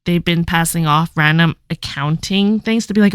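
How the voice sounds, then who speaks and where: A young woman co-hosting a podcast, telling stories in quick, animated casual chat full of "like". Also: fairly low pitch, clean tone, dry recording, studio quality. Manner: fast, animated storytelling with lots of "like". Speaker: podcast co-host.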